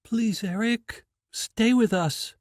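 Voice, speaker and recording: A man voicing a grief-stricken young woman in an audiobook, her pleas high and tearful, rising to screams. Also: slow pace, no echo, studio quality. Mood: pleading. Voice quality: raised, tearful, breaking into shrieks.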